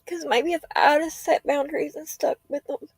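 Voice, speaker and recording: Woman, forties, fry in the voice, rambling and tearful, livestream host, laptop mic. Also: sits high, fairly even intonation, moderate pace, dry recording. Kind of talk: emotional casual livestream chat. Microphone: laptop or phone mic.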